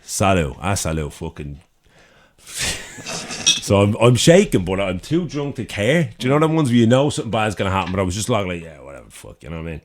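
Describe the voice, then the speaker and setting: A young Dublin man with a very deep voice tells a rowdy story on a podcast, swearing freely and acting out the voices of the people in it. His Irish accent comes through in every line. The talk is loose and chatty. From Ireland. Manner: animated, profane storyteller acting out quotes. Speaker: podcast co-host. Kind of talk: casual chat, storytelling. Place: city studio with door open.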